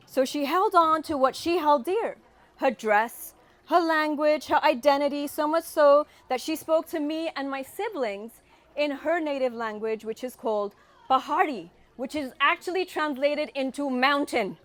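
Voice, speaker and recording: A woman comedian in her forties telling stories onstage in a high, light voice. Her British accent has been softened by years in California. She delivers wry punchlines in a steady storytelling rhythm. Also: a little slow. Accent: British with a slight Californian tinge. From United Kingdom. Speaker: stand-up comedian. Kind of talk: stand-up comedy set.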